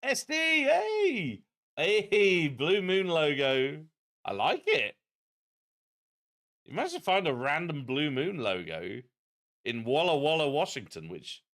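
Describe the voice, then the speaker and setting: A man streaming a geography game, chatting in an animated, self-deprecating way. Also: fairly high pitch. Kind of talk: live-stream game commentary.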